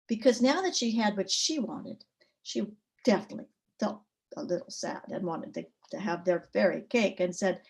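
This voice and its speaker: A woman storyteller tells a folk tale with an expressive, rhythmic cadence. Her voice sits at a middle pitch, neither high nor low. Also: normal speed, vocal fry. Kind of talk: oral folk tale telling.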